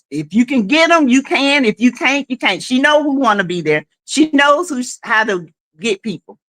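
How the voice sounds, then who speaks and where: A woman hosting a casual livestream, chatty and quick to laugh, calling her viewers y'all and honey. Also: on the high side, fairly bright tone. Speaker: livestream host.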